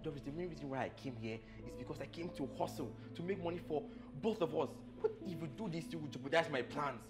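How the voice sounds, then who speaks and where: A man's voice: on the high side, quick pace, natural voice. A man with a Nigerian accent playing a desperate, worried young man who urgently begs a woman to stop. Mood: pleading. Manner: urgent, begging, repeating her name. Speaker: boss's right-hand man. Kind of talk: film drama acting. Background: music.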